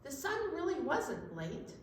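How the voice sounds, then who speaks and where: A woman leading a children's library storytime, singing simple songs and talking in a cheery, sing-song way, slow and clear for little ones. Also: sits high, huge pitch swings. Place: library program room. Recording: echoey room, voice far from mic.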